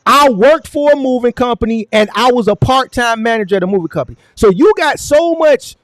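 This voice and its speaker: Casting: male stream host, high voice, lively and mocking in a heated argument, dry close sound. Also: brisk, no echo. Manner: mocking, repeats "sir" over and over.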